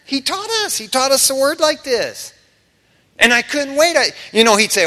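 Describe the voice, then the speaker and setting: A man's voice: extremely high pitch, moderate pace. A man preaching a sermon in a church, telling stories casually and acting out quotes with humor. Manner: animated, casual storytelling with humor and acted-out quotes. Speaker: pastor. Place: church sanctuary. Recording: preached in a reverberant church hall.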